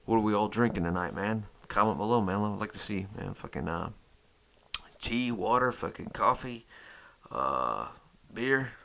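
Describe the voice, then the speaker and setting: A man's voice: lowish voice, animated, normal speed, gravelly, a bit bright. A man hosting his metal music channel in a rambling casual chat, cursing constantly and full of fillers.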